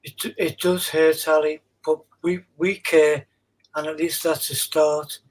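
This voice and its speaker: A man's voice: on the high side, little pitch movement, slow, rough recording. A man appearing as a guest on a talk show, giving brief, agreeable replies that back up the host. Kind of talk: casual talk-show chat.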